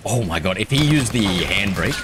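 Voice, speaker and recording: A man's voice: on the low side, animated, moderate pace. A young Australian man streaming a shooter game, answering his chat with mocking sarcasm. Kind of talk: live gaming stream chat. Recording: game noise in the background. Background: game sounds and vehicles.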